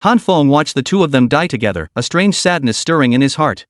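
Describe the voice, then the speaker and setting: Animated male story narrator. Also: a little high, a little fast, no room sound, studio quality.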